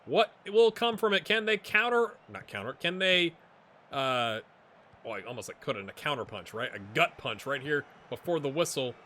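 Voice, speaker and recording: A middle-aged man giving live gameplay commentary on his football management game, swinging from low mutters to excited shouts. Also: moderate pace, slight background noise. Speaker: gaming YouTuber.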